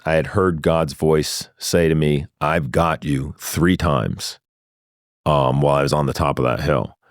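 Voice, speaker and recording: A man telling his own story in a studio interview, animated and acting out the dialogue, laughing often. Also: extremely low pitch, measured pace, no room sound. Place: sound studio. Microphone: studio microphone.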